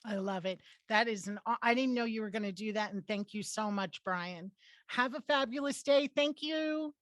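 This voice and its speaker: A woman's voice: on the high side, normal speed, no room sound. A woman hosting a podcast interview as a credit coach, upbeat with short affirmations. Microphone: video call.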